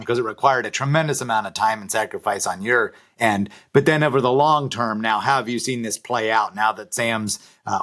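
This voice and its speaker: A man's voice: medium pitch, a bit bright. A man hosting an interview, asking long, layered questions. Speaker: host.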